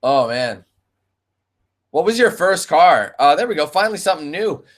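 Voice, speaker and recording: A young Canadian man with a Canadian accent chats through viewer questions on his gaming stream. His voice sits slightly high. He is laid-back and swears freely, calling people man and bro. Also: sing-song, moderate pace. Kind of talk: casual live-stream Q&A.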